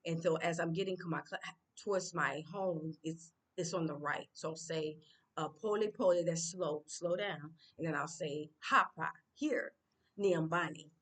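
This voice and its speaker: Low-voiced woman vlogging casually. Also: fairly even intonation. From United States. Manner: unscripted, halting with many fillers and restarts; speaks Swahili phrases louder and higher. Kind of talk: casual vlog talk.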